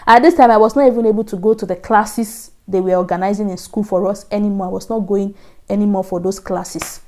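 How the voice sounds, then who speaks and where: Nigerian woman telling her story, mellow voice. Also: medium pitch, steady tone, fairly quick. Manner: earnest storytelling, acts out her own past thoughts in soft asides. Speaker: vlogger. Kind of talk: casual storytelling to camera.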